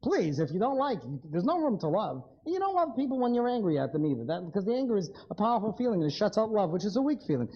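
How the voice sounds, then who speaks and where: A man's voice: sits high, sing-song, fast, hardly any pauses, dark tone, highs cut off. A man giving a live lecture, blunt and wry, speaking straight to his audience.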